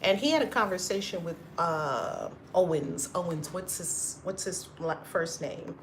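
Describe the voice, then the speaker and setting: A woman's voice: on the low side, lively intonation, a little slow, slight background noise. A woman hosting a live stream, chatting casually and effusively with viewers, greeting them by name and laughing often. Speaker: livestream host.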